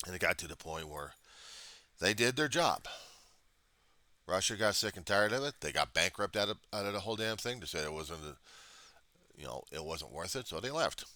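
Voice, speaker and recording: A man's voice: low voice, lively intonation, normal speed, pauses often, pushed and bright, no room sound. An American man vlogging a rambling, profane history monologue, full of digressions and self-corrections. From United States.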